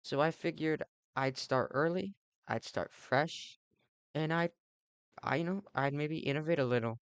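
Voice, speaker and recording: A man's voice: on the high side, measured pace, clean tone, dry recording. A young man hosting a let's play, rambling through a comedic monologue with ironic asides, swearing, and lots of fillers.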